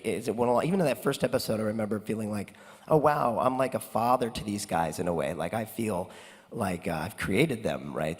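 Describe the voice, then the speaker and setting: A man telling a story on a convention panel, rambling with many fillers and restarts. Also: fairly low pitch. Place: convention hall. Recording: long hall reverb.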